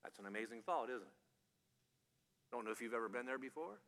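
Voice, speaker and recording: A man's voice: medium pitch, animated, fast talker, fairly bright tone. A man preaching a conversational sermon, repeating key phrases and asking the audience rhetorical questions. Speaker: pastor. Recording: long hall reverb.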